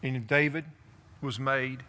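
A man preaching a sermon to a church congregation, retelling a Bible story and speaking David's words in first person with animated delivery. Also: medium pitch, slow pace. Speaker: pastor.

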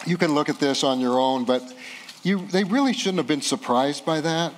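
A middle-aged man preaching from the pulpit in a slightly high voice. He builds to soaring, emphatic peaks, then sinks to a hushed, slow, intimate tone. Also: lively intonation, slight background noise. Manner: preaching, swells loud and high at climaxes, drops soft and slow for tender parts. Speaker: pastor. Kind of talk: sermon.

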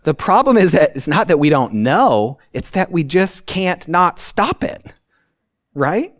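A male pastor giving a conversational sermon, often checking in with "right?" and acting out quotes with sudden high outbursts. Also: big pitch swings, unhurried, no echo, studio quality. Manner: conversational preaching, tags points with "right?".

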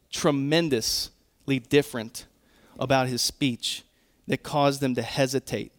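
A man pastor preaching a sermon, earnest and emphatic, often quoting scripture and pausing to correct himself. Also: medium pitch.

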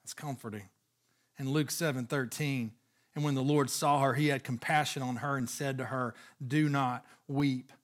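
A man's voice: mid-range voice, fairly even intonation, normal speed. A man preaching a sermon, earnestly reading scripture aloud with frequent restarts. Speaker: pastor.

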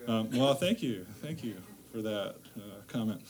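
A man's voice: lowish voice, animated, moderate pace, a little mellow. A man from the northern US giving a casual sermon as a guest lay preacher in a church, chatty and self-deprecating, with lots of fillers and restarts. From northern United States. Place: church sanctuary.

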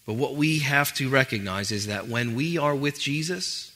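A man preaching a sermon as pastor, conversational with animated asides. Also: mid-range voice, normal speed.

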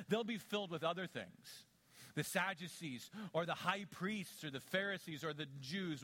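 Middle-aged pastor guy preaching, kinda high voice, goes quiet then punches it loud. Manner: dramatic swings from soft low asides to loud emphatic peaks. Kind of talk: sermon.

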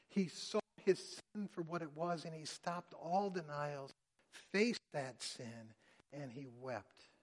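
A man preaching a sermon, dramatically acting out the quoted lines with big swings in loudness. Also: on the high side. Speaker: pastor. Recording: long hall reverb.

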